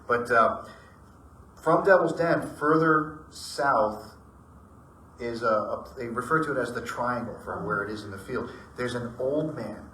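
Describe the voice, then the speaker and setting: Bright-voiced man telling ghost stories. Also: fairly low pitch. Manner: animated, acts out quoted voices. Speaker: guest storyteller. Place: library meeting room. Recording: echoey room, distant mic, faint noise.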